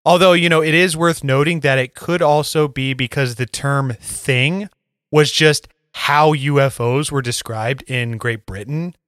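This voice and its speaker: Male podcast co-host, casual, easygoing delivery with loose fillers; slightly raised pitch, close dry mic. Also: fairly even intonation, a little slow, a bit bright, dry recording. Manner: laid-back, swearing, laughing, lots of fillers. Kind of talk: casual chat.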